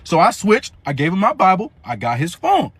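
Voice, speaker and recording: A young man telling a comedic story in an animated, slangy, rambling way, often restarting his sentences. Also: high-pitched, a little fast, slightly rough, dry recording.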